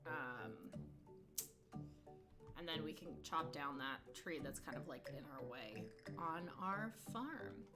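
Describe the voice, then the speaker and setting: A woman's voice: low voice, animated, takes it slowly. A woman streaming a farming game, rambling and thinking aloud with self-mocking asides. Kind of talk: casual gameplay commentary. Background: game music.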